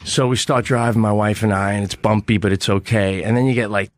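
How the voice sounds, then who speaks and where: A man telling a story in casual chat, animated and swearing freely, acting out the people in it. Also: on the low side, brisk, no room sound, studio quality. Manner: animated, acts out quoted people.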